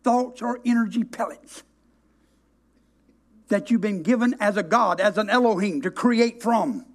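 A man preaching a sermon, telling a story with emphatic, drawn-out stresses. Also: high-pitched.

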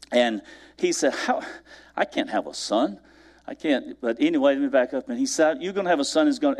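A man's voice: mid-range voice, darkish tone. Male preacher, conversational sermon delivery, wide dynamic swings down to near-whispers. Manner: conversational, addresses the congregation directly. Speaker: pastor.

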